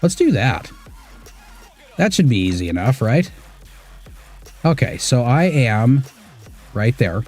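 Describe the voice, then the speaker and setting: Slow and sing-song, with long pauses, this medium-pitched, slightly mellow voice belongs to a gaming streamer in his thirties from Washington State. He talks casually through an off-road driving game, muttering and sometimes cursing, over faint background music.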